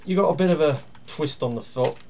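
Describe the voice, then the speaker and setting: A man giving a casual toy review. He talks through each step while handling the toy, pausing and using fillers, and grumbles dryly about its flaws. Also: fairly high pitch. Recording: steady background noise with plastic clicks.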